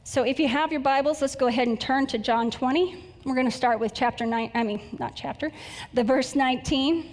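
An earnest woman preacher leads prayer and tells stories, her voice sitting fairly high for a woman. A long hall reverb trails after her words. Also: a little fast. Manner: earnest, emotional, storytelling.

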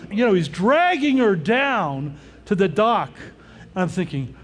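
Speaking a little slowly, this older preacher has a high-pitched and very animated voice. His sermon is informal and chatty, and he keeps stopping to make sure the congregation is with him.

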